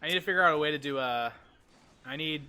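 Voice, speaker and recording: A man's voice: on the high side, fast, sharp tone, clear, resonant tone, faint music behind. A man hosting a livestream, chatting casually and playfully, poking fun at himself while he plays a game. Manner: playful, self-deprecating, chatty. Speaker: host.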